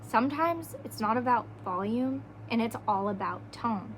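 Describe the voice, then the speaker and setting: A woman's voice: a little high, lively intonation, moderate pace, few pauses, a little hiss or hum. A woman hosting a podcast, talking earnestly in a casual way and giving relationship advice, often tagging her points with "right?". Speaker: podcast host. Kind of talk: casual solo podcast talk.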